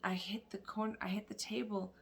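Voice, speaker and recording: A woman quoting her flustered young daughter in a hurried, slightly raised voice. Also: medium pitch, level tone, creaky, a little hiss or hum, pitched above the performer's own voice, natural voice.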